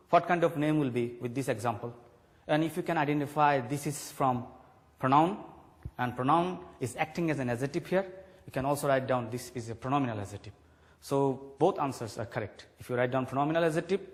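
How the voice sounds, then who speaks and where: A man teaching a grammar lesson on television, slowly stressing key words for his students. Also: medium pitch, long reverb tail. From Bangladesh.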